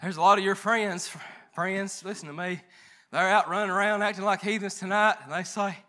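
A man preaching a sermon with passion, dropping to hushed tones and rising to shouts, his voice straining. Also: high voice, moderate pace. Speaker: pastor.

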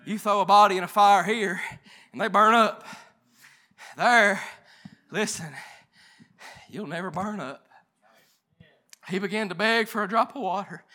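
A man preaching a sermon with passion, dropping to hushed tones and rising to shouts, his voice straining. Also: sits high, unhurried, pauses often. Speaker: pastor.

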